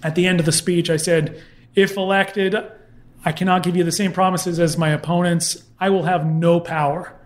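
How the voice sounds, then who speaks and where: In a casual interview, a guest comedy historian tells an animated anecdote, acting out other people's voices to bring it to life. His voice is high-pitched and moderately paced.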